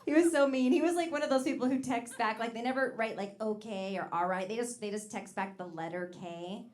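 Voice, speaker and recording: A woman's voice: on the high side, brisk, a little mellow. A woman in her forties doing a chatty, self-mocking stand-up set on a comedy club stage, speaking into a handheld mic. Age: 40s. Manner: chatty, self-mocking, slipping into character voices.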